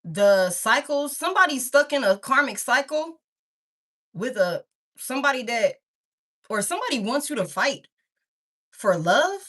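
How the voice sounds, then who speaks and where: A woman's voice: high voice, very animated, unhurried, long pauses, a bit bright. A woman doing a casual tarot reading, talking straight to her viewers in a rambling, candid way and swearing freely. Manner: talks straight to viewers, calls them baby and y'all. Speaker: tarot reader.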